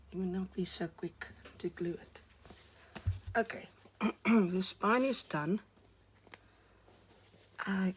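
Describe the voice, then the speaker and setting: A woman talking softly to the camera while she decorates a journal cover, often dropping to a murmur or whisper as she works, her voice still hoarse. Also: fairly low pitch, a little hiss or hum. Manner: soft-spoken, murmuring while working, frequent near-whispers. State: hoarse, recovering voice. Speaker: craft vlogger. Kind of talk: casual crafting commentary.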